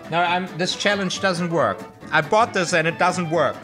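A man's voice: sits high, moderate pace, bright, forceful tone, faint music behind. A man talking to camera as he sets up his streaming gear. He rambles through a lot of fillers and restarts, and curses when things go wrong. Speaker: vlogger setting up streaming gear. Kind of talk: unscripted self-talk to camera. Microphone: desktop USB microphone under test.

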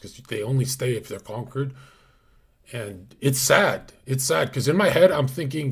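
A man hosting a livestream, talking in a brash, crude, casual way and sometimes dropping to a hushed whisper. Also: medium pitch, expressive, normal speed, breathy edge. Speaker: streamer host.

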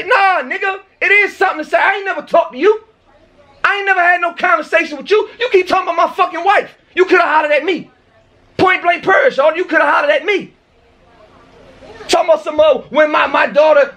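A furious man ranting, high-pitched and shouting. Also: brisk. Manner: profane, heated, often shouting. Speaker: vlogger. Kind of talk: angry rant to camera.

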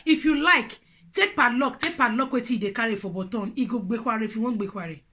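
A woman with a Nigerian Pidgin accent talks straight to camera and hands out relationship advice. Her high, bright voice is animated and playful, with a preachy edge. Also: brisk, a little hiss or hum. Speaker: vlogger. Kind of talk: casual advice monologue.

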